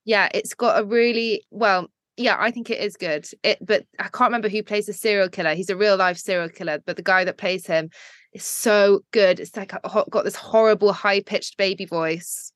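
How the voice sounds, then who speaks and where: A woman co-hosting a casual interview, chatty and excitable with quick reactions. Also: medium pitch, dry recording, studio quality. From lives in London. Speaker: co-host.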